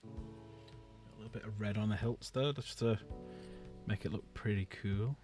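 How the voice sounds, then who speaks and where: A man's voice: lowish voice, steady tone, unhurried. A man, chatting casually and muttering to himself as he paints miniatures. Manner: mutters softly to himself while working. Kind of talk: casual chat while painting. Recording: distant mic, loud music behind.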